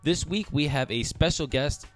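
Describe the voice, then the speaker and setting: A man's voice: on the high side, normal speed, faint music behind. A man hosting a podcast in an upbeat, jokey, announcer-like way. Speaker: podcast host. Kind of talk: casual podcast chat.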